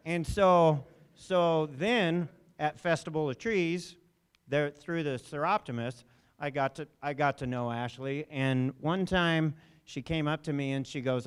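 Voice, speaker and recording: A man speaks to a gathering in a lecture hall through a handheld microphone, his voice smooth and resonant. He tells stories in a relaxed way and slips into light impressions of others when he quotes them. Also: on the high side, unhurried. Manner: storytelling, mimics voices in quotes. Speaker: emcee of a memorial service.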